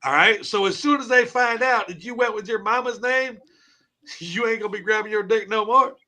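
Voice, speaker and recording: High, bright-voiced brash male host. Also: moderate pace. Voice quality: brash, laughing, swearing. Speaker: show host. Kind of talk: casual chat.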